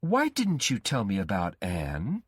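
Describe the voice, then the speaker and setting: A menacing, obsessive young man who pleads and threatens by turns, his voice pushed up high and strained, as a male storyteller puts him on. The voice swoops widely and keeps a husky edge. It is read in a dry storybook narration. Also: wildly swooping pitch, unhurried, no echo, full character voice. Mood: insistent. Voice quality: raised, strained pitch.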